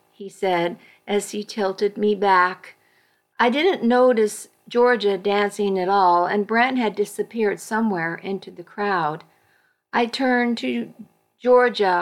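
A woman narrating a story aloud in first person, slow and careful, now and then correcting herself. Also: mid-range voice.

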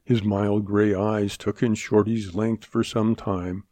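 A man narrating a western audiobook in a measured, plain storytelling delivery. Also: fairly low pitch, flat delivery, mellow, dry recording. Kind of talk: scripted narration.

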